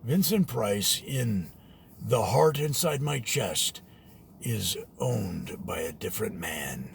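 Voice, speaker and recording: A man doing a low spooky horror host. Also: animated, vocal fry, a little hiss or hum, exaggerated voice. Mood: ominous. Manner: slow, ominous announcing. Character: masked late-night horror movie host, man, spooky.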